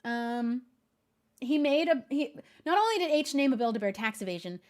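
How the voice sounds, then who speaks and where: A woman's voice: on the high side, lively intonation, normal speed. Chatty young woman streamer, laughing often. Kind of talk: casual chat.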